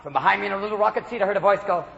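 A man doing a stand-up comedy routine in front of a live audience, talking manically and jumping into silly voices and shouts. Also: high voice, racing, gravelly, highs cut off. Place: large live venue before an audience. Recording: echoey live hall with loud crowd noise. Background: audience laughter and crowd noise.

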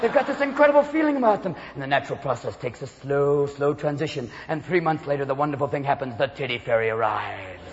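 A male stand-up comedian performing a manic routine, shouting and jumping in and out of voices before a live audience. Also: a little high, background noise. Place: large venue with a live audience. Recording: lo-fi live hall recording with crowd.

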